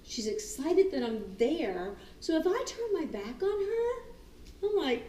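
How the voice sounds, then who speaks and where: A woman who trains dogs, talking casually and animatedly, often acting out the dogs' thoughts and her own excited calls. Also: high-pitched, takes it slowly, a little hiss or hum. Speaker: dog trainer. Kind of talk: casual talk on dog training. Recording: roomy, distant mic, faint ambience.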